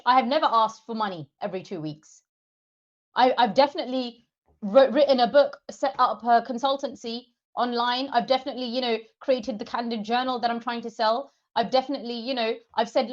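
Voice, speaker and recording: A woman on a livestream, furious and swearing hard as she talks straight at her viewers. Her voice sits a little high, and the stream audio is slightly dull and lo-fi. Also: lively intonation, fairly quick. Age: adult parent of two. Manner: furious, heavily profane, addresses viewers directly. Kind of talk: angry livestream rant.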